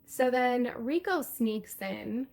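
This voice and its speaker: A woman's voice: a little high, animated, slow pace, vocal fry, a little mellow. A woman co-hosting a podcast, chatting casually as she retells TV scenes. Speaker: podcast co-host. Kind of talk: casual chat recapping a TV episode.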